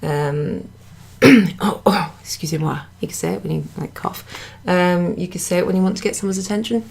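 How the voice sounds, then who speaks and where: A woman's voice: fairly low pitch, fairly quick, vocal fry, a little mellow. A woman teaching a beginner French lesson in a chatty way, correcting herself and laughing at her own slips. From United Kingdom. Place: indoor room at a pub.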